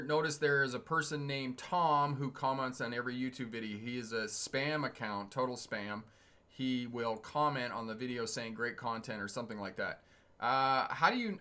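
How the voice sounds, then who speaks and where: A man's voice: medium pitch, pushed and bright. A middle-aged man and channel host telling trucking stories in a casual livestream, chatty and digressive, chuckling often and answering chat comments.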